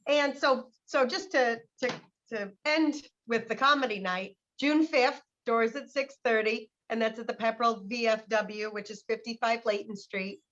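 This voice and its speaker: A woman's voice: on the high side, normal speed, a bit bright. A woman hosting an interview, upbeat and plugging an event. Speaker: host. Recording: dull lo-fi sound.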